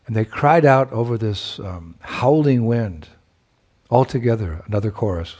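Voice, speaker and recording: A man preaching a sermon by retelling a sacred story, reflective, chuckling at times and pausing to search for words. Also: lowish voice, animated, a little mellow, husky.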